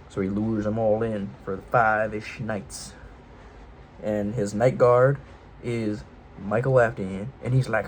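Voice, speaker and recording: A man's voice: on the low side, steady tone, normal speed, a little hiss or hum, low-quality recording. A man casually retelling a game series' story in a rambling, offhand, irreverent way, full of loose jokey paraphrase. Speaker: video host.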